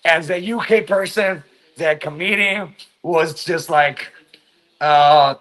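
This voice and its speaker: His fairly bright voice sits on the high side, captured in a rough recording. He's a vlogger from China whose native language is Chinese, delivering a slow, wandering English monologue packed with fillers and curse words.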